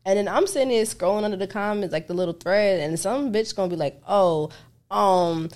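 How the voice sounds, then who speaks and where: A young woman co-hosting a podcast, talking in a blunt, profane and animated way. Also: medium pitch, a little fast. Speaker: podcast co-host. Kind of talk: casual chat.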